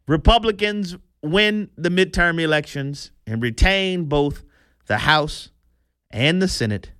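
Man, political commentary host, lively swooping voice, dry close sound, chatty. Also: fairly high pitch, moderate pace, dry recording. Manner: animated, chatty, amused.

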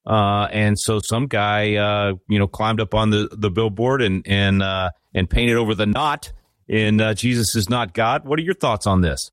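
A man co-hosting a radio talk show, chatty and quick, rambling a bit as he asks questions. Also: lowish voice, fairly even intonation, clean tone, dry recording, studio quality. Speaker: radio co-host. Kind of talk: casual radio interview.

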